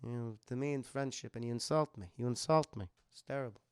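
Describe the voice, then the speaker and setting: A man's voice: mid-range voice, quick pace, clear, resonant tone, voice pushed down, close to an everyday voice. A man playing an aging mob boss who slurs his words, mumbles and trails off. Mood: mumbling, aggrieved. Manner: slurred mumbling that trails off, poor enunciation. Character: old mob boss, slurring and aggrieved.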